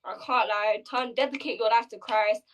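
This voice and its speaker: A woman's voice: on the high side, steady tone, moderate pace. A woman stranger on a video chat, laughing and mocking in a provocative way. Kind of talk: casual chat.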